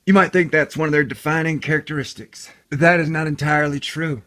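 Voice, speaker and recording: A man's voice: fairly high pitch, steady tone, fast talker, bright, forceful tone. A man hosting a casual commentary video, reading an article aloud with sarcastic, rambling, jokey asides. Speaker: video host.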